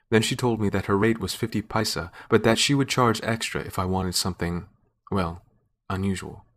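A man narrating a fantasy story in a measured, wry storytelling manner. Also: lowish voice. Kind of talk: scripted narration.

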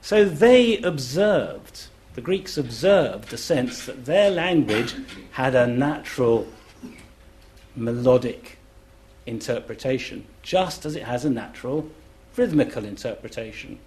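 Slow, deliberate man explaining. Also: medium pitch, animated, darkish tone, a little hiss or hum. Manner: demonstrative, chants rhythms aloud; measured and deliberate. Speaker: festival panel speaker, classics scholar. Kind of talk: explanatory public talk.

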